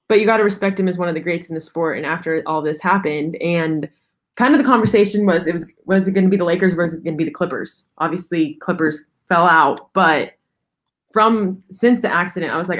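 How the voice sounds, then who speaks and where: A young woman in her twenties, a podcast guest, chatting earnestly about sports and peppering her talk with "like.". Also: on the low side. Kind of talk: casual sports chat.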